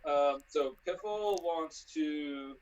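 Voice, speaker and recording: A male player in a tabletop game, speaking low and mumbled, trailing off as he talks. His voice comes through a dull, lo-fi mic. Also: slow. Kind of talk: casual tabletop play.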